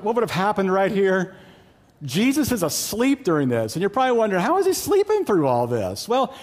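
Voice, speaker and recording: Pastor swinging from loud to hushed. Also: male voice, long reverb tail. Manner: dramatic swings between loud excited storytelling and low hushed emphasis; conversational, with fillers and asides to the congregation. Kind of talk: sermon.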